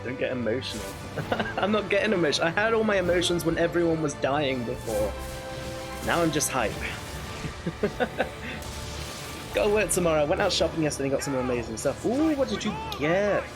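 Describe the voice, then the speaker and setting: A young man streaming a game, chatting casually with viewers, excitable and swearing freely. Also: on the high side, fairly quick, pauses often. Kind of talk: casual live-stream chat while gaming. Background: game music.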